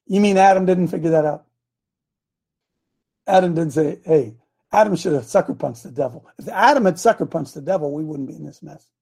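Raspy gravelly older man, fired-up host. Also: fairly high pitch, fairly quick, warm tone. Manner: fired-up, emphatic, preachy. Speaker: talk show host. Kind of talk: preachy talk show commentary.

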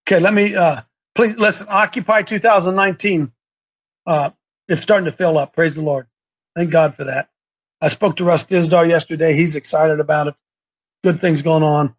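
A man hosting a live call-in show, talking in an excitable, preachy, rambling way. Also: a little high, normal speed, rough recording.

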